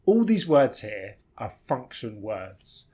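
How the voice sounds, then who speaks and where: A British man teaches English pronunciation, slowing down to model each sound with exaggerated, deliberate enunciation. His voice has a slightly husky edge, and his pitch swings widely as he stresses words. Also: sing-song, warm tone. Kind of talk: pronunciation lesson.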